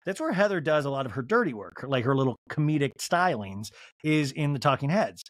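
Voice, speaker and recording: A man hosting a podcast, giving an animated, comedic recap of a reality show and acting out every quote in voices. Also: mid-range voice, a little fast, dry recording, clean studio sound. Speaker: podcast host.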